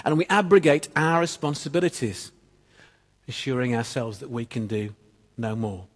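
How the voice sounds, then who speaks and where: A man preaching a sermon. He tells stories and drops quietly at the ends of phrases. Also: medium pitch, normal speed. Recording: long reverb of a church hall.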